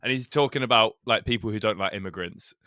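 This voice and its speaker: A British man co-hosting a podcast, chatting casually in an animated, sweary, ranting way. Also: lowish voice, quick pace, no echo, studio quality. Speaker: podcast co-host. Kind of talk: casual chat.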